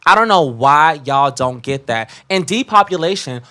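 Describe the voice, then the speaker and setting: A fired-up man sounding off on a casual podcast. He curses freely, keeps circling back to his point, and now and then jumps to loud, high bursts of outrage. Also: lively intonation, normal speed. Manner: fired-up, profane ranting with sudden loud bursts. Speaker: podcast co-host. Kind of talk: heated casual commentary.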